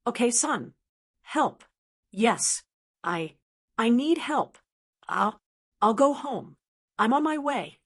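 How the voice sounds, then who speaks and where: A woman's voice: fairly high pitch, lively intonation, takes it slowly, pauses often, slightly rough, exaggerated voice. A woman reading the lines of an older wealthy man who fakes senile panic, pleading and broken. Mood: small, defeated.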